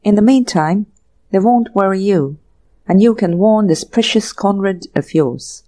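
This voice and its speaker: A woman voicing a breezy, cheerful young gentleman in a storybook reading, talking lightly and pleasantly. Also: mid-range voice, measured pace, lightly acted. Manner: light, pleasant, jaunty banter.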